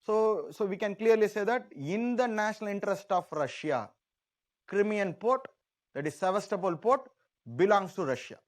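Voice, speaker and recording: A man's voice: sits high, animated, normal speed. A man teaching an exam-prep class, explaining in a repetitive, conversational way and often voicing a country in the first person.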